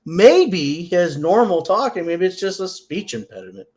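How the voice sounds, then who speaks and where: A man's voice: high-pitched, very animated, normal speed, a little mellow. A man co-hosting a podcast, joking around in casual chat. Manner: joking, goofy. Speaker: podcast co-host.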